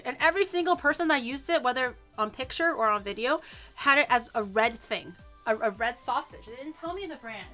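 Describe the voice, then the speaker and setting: A woman streamer with a crisp, bright voice set a touch high talks loosely while she cooks, swearing casually and joking at her own expense. Faint music sits behind her in a home kitchen. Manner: animated, quick to laugh, swears casually, self-mocking. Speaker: VTuber streamer. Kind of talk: casual cooking livestream chat.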